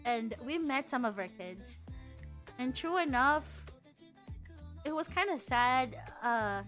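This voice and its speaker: A woman's voice: high voice, lively intonation, slow pace, a bit bright, soft background music. A young woman from the Philippines, chatting and swearing casually as a streamer. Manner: chatty, swears a lot, restarts and acts out quotes. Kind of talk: casual chat.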